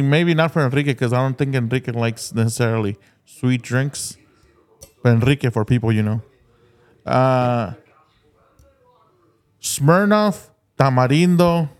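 A middle-aged man swapping stories on a podcast. He talks loosely and swears freely. His delivery turns animated when he gets into a story. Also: medium pitch, a little slow, long pauses, clean tone. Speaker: podcast co-host. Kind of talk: casual chat.

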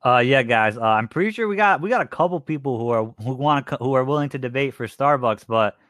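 A young man co-hosting a casual podcast, teasing his co-host and quickly reading out poll results. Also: medium pitch, lively intonation, fairly bright tone, no room sound.

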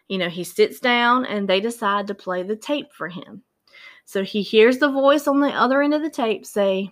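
A woman casually retelling a true-crime case, animated and acting out the quoted voices. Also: on the high side.

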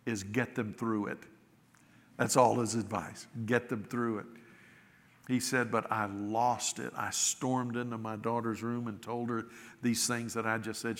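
Male preacher, mid-pitched voice, storytelling sermon with long hall reverb. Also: a bit bright. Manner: retells a story, quoting others with slowed emphasis.

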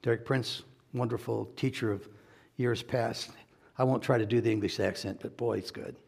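A male pastor preaches in a loose, conversational style, breaking off for jokes and chuckles. His voice is gravelly with a husky, slightly rough edge. His pitch sits in an ordinary middle range. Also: steady tone, moderate pace, a little mellow. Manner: conversational and joking, laughs often. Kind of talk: sermon.

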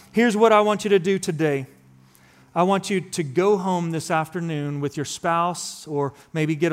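A man in his thirties preaching a sermon as pastor, moving between hushed, intimate passages and loud, urgent ones in a repetitive preaching cadence. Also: a little high.

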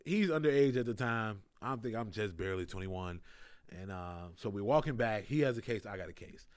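A young man on the lower side of pitch talks briskly as a comedian guest, telling a story in casual chat. He's animated, laughs often, and imitates the voices of the characters he quotes. There's no room sound.

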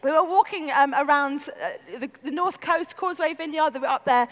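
High lively lady preaching, big swoopy voice, echoey church hall. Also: moderate pace, few pauses. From North London. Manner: animated, acts out voices, laughs often. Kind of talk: lively storytelling sermon.

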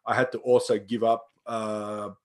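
A man's voice: on the low side, little pitch movement, a little slow, darkish tone. A young man, a personal trainer, telling stories in casual chat, swearing freely and acting out the lines of people he quotes.

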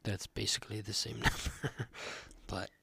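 A man's voice: lowish voice, level tone, normal speed, vocal fry, sharp tone, breathy edge. A young man co-hosting a podcast, chatting casually, joking and rambling with frequent laughs. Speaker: podcast co-host. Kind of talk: casual chat.

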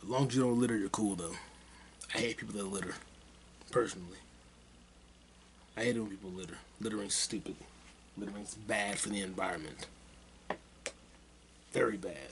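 Gravelly-voiced man ranting on his podcast. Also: fairly low pitch, normal speed, pauses often, a crowd in the background. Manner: rambling, crude and heated, with mocking repetitions. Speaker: podcast host. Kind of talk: casual solo monologue.

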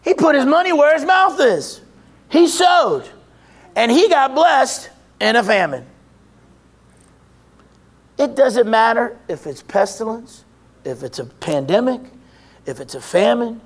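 Male preacher with a very high voice, emphatic, repetitive, call-and-answer delivery. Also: very animated, measured pace, long pauses. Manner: emphatic, rising to shouts, then dropping low; repeats phrases, asks and answers his own questions. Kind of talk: sermon.

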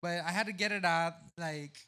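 Loud, joking man with a higher voice. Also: normal speed, clear, resonant tone. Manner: loud, swearing, jumps between joking and confessional. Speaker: podcast co-host. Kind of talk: casual podcast banter.

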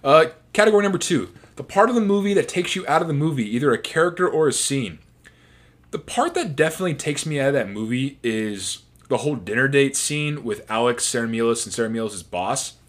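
A man's voice: mid-range voice, lively intonation, a little fast. A man in a casual commentary, talking about his favorite film scenes in a rambling, chatty way with restarts. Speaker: movie reviewer.

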